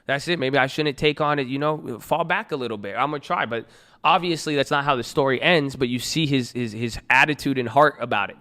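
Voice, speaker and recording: A man's voice: mid-range voice, fairly quick. A man hosting a trading group, reading a parable aloud and then riffing on it in a loose, slangy motivational talk. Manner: reads a parable then riffs on it with slang and loud jokes.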